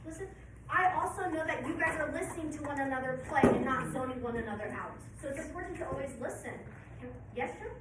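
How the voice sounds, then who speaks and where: Band teacher: high, encouraging woman, heard from across an echoey, noisy classroom. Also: expressive, fast. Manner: upbeat, encouraging, counts students in. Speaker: middle school band teacher. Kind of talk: leading a band rehearsal. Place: school band room. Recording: echoey room from far off, noisy.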